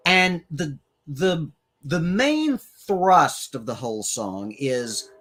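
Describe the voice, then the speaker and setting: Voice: mid-range voice, very animated, slow, fairly bright tone, faint music behind. A co-host telling a story in casual chat, wry and profane.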